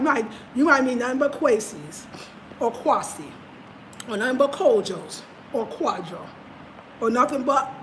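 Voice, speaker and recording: Woman, high voice, animated, laughing storyteller, casual vlog, faint background noise. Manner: animated, laughing often, slangy. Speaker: vlogger.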